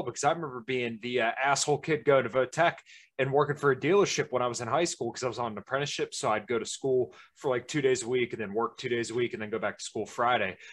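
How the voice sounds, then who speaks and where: A man's voice: mid-range voice, fairly bright tone. A young man in his twenties chatting casually as a podcast co-host, laid-back and agreeable. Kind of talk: casual chat.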